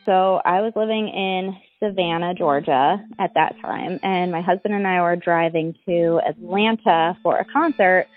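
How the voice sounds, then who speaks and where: A young adult woman, appearing as a guest in an interview, tells her own story in a rambling way, piling up "like" fillers and restarting her sentences. Her lowish voice moves at a measured pace with few pauses. The audio is narrow and tinny, with faint music behind.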